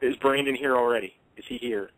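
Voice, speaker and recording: A man's voice: mid-range voice, steady tone, fairly quick, a bit bright, poor audio. A man co-hosting a comedy hockey radio show, teasing his partner in casual banter. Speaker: co-host.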